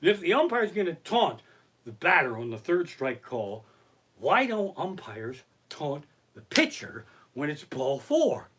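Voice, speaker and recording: Profane, animated man ranting. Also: a little high, measured pace, slightly rough. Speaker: comedian. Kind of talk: live-streamed stand-up rant. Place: his living room.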